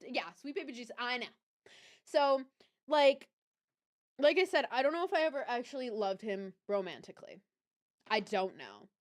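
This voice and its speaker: A young woman with a Southern US accent, streaming live and talking straight to her chat. Her voice sits a little high and swings widely in pitch. She tells her story in a chatty, animated way, stopping to correct herself and laughing between lines. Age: young adult. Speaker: livestream host.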